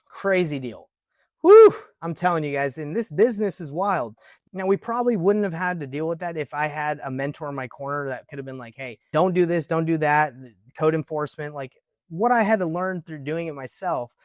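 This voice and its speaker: Man with a fairly high voice, storytelling. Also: a little fast, dry recording, clean studio sound. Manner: lively retelling with quoted dialogue, frequent "like". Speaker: real estate investor. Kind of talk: casual storytelling to camera.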